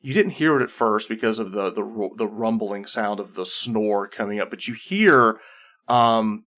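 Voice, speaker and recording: A man's voice: on the low side, normal speed, a bit bright. A man working as game master, narrating a tabletop game in descriptive second-person with many restarts.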